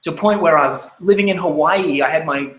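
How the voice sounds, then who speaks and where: A man in his thirties with an Australian accent telling his life story, candid and lively as he acts out his younger self. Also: a little high, brisk, echoey room, poor audio. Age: 30s. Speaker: speaker. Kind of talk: personal life story talk.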